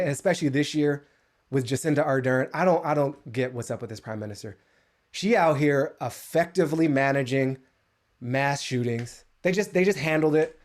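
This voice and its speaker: An American man giving a comedic monologue as a guest speaker, sarcastic and animated, with sudden jumps up in pitch, speaking over a video call. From United States.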